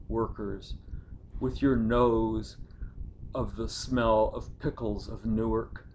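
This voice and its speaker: A man giving a poetry reading in a low, flat voice. He chants his lines as a slow, incantatory litany. The litany builds to repeated cries. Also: a little hiss or hum, low-quality recording. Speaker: poet.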